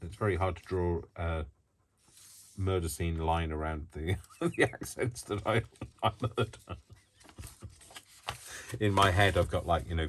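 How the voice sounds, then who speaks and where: A man making a casual craft video, rambling and joking at himself as he works. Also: low voice. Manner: rambling, self-mocking, talks to himself while working. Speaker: craft vlogger. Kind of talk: casual chat while crafting. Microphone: built-in camera mic, mic not working. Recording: noisy home recording.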